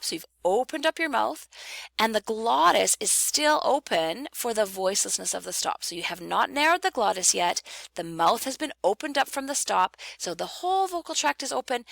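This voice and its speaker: Woman phonetics instructor, patient explainer, bright gravelly voice, dry close sound. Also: mid-range voice, no room sound. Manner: patient, explanatory, repeats key terms for emphasis. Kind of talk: recorded online lecture.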